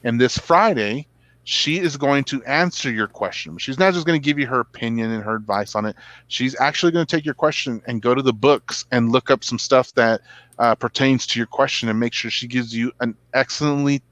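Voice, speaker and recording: A man's voice: medium pitch, a little fast, a bit bright, no room sound, highs cut off. A man hosting a casual talk show, chatting, laughing often and wrapping up the episode. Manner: chatty, laughing, says y'all. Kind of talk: casual show sign-off chat.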